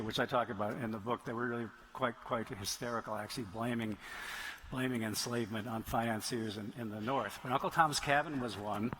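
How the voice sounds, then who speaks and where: A middle-aged man tells stories on stage, mid-pitched and conversational, restarting phrases as he wanders into digressions. The live recording carries a faint hiss under his voice. He sounds like an author answering questions at a conference. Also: fairly bright tone, rough recording. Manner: rambling storyteller, frequent restarts and digressions. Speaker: author speaking at a writers' conference. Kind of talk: anecdotal Q&A talk. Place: stage in a large venue.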